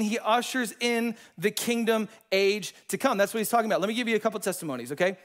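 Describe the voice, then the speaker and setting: A man preaching a sermon and telling personal testimonies in a casual, slangy, animated way. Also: high-pitched, fast, few pauses. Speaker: pastor.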